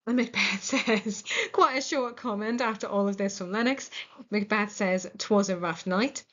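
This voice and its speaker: An English woman teaching a recorded literature lesson, explaining the scene clearly and encouragingly. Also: medium pitch, fairly even intonation, normal speed, a bit bright, lo-fi sound.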